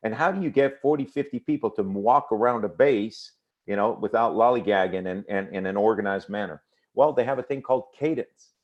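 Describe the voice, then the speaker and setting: A man's voice: medium pitch, muffled recording. A man presenting a motivational business training, talking straight to his audience and repeating key phrases. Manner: energetic, repetitive, addresses audience directly. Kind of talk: motivational sales training talk.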